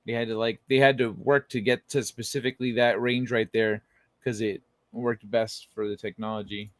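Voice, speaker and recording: A young man with a middling voice co-hosts a relaxed chat, explaining things in a laid-back, joking way. His voice sounds dry and close. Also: medium pitch, normal speed, no echo. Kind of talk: casual chat.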